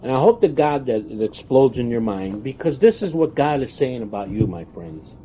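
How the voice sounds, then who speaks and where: A man preaching a sermon, stressing single words and pausing for weight. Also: medium pitch, expressive, dark tone, slight background noise. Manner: emphatic, stressing single words with long pauses. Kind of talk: recorded sermon. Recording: dull lo-fi tape recording.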